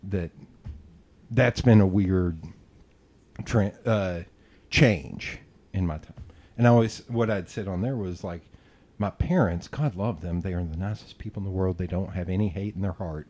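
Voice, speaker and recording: Low, mellow-voiced male podcast host. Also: normal speed. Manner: rambling, profane, self-deprecating storytelling. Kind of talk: casual interview chat.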